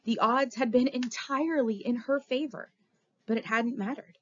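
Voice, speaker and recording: A woman narrating a novel in the first person with expressive, dramatic reading, on a dull lo-fi recording. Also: on the high side, moderate pace. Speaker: audiobook reader. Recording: dull lo-fi audio.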